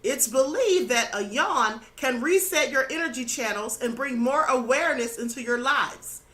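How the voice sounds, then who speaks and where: Speaking with animation at a moderate pace, a woman hosting her own channel teaches earnestly about spiritual matters. Her bright, high voice is slightly strained from losing it, and she checks in using "okay?" and "you know."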